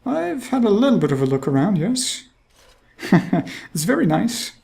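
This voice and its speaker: A woman's voice: mid-range voice, big pitch swings, normal speed, creaky, warm tone, a little hiss or hum. A woman giving casual, chatty gameplay commentary, thinking aloud and laughing often. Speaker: let's play host.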